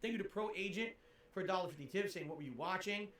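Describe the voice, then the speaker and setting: A man's voice: sits high, quick pace, fairly bright tone, echoey room. A man livestreaming and reading out tips in a goofy, over-the-top, theatrical manner. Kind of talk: livestream chat.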